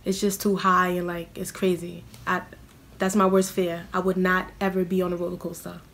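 A woman's voice: lowish voice, monotone, normal speed, creaky, a bit bright. A young woman, chatting in a casual question-and-answer vlog. She is self-mocking and scatters "like" through her talk. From New York City. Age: young adult. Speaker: vlogger.

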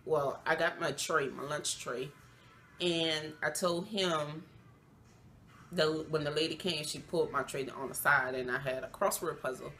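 Low-voiced woman. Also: a little hiss or hum. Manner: emotional, animated retelling with acted quotes; loose, chatty, many fillers. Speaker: vlogger. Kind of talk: casual storytime.

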